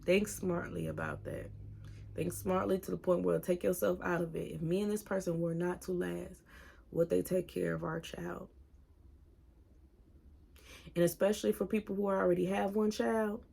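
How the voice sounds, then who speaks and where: A woman in her thirties talking openly in a personal vlog, earnest and halting, at times giving direct advice to viewers. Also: on the low side, vocal fry, a little mellow. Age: 30s. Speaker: single mom vlogger.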